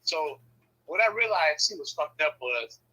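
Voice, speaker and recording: Husky, bright-voiced man telling stories. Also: measured pace, poor audio. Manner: animated, laughs often, acts out quoted lines with sudden high shouts; profane, loose everyday speech. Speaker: storyteller in a casual conversation. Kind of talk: casual chat.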